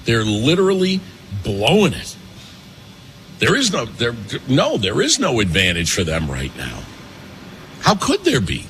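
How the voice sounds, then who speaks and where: Animated, emphatic male talk host. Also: mid-range voice, slight background noise. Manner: animated, emphatic, fast, with repetitions. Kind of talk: opinionated political commentary. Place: pastry shop and cafe.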